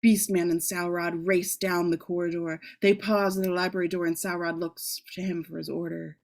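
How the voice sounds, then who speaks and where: A woman's voice: on the low side, little pitch movement, moderate pace, gravelly. Woman reading a screenplay with jokey asides. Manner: casual, with joking asides and swearing. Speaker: script reader.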